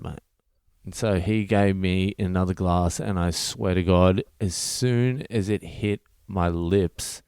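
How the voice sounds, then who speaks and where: A deep-voiced Australian man rambles through a blunt, sweary story, his voice smooth and resonant. The sound is dry and close with no room around it. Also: a little mellow, dry recording. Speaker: comedian podcast host. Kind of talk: casual storytelling monologue.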